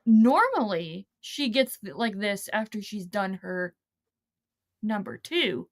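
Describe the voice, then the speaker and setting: A woman chatting casually, animated and playful, often correcting herself as she talks. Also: mid-range voice, takes it slowly, no echo. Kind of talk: casual chat.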